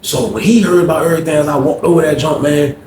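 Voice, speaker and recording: A man from Norfolk, Virginia telling a story in casual slang, animated and constantly saying "man". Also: on the high side, fast talker. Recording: echoey room, faint noise.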